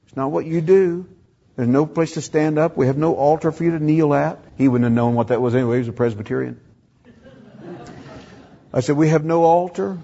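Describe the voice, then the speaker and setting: Gravelly older man preaching. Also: dark tone, highs cut off. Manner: storytelling, acting out dialogue with rising pitch. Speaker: pastor. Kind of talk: sermon.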